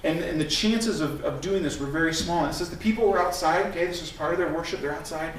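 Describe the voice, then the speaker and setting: Animated male pastor in an echoey church. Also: on the high side, fast talker. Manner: animated storytelling, acts out scenes. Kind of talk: sermon. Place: church sanctuary. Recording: echoey room from a distant mic, faint noise.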